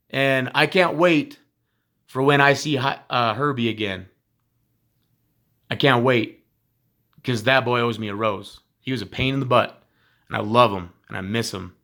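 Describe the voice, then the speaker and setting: A man who used to teach speaks straight to his former students in a heartfelt recorded message. His voice sits at an ordinary middle pitch, and his delivery is emphatic, blunt and informal, with casual swearing. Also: fairly even intonation, moderate pace, long pauses, bright, forceful tone.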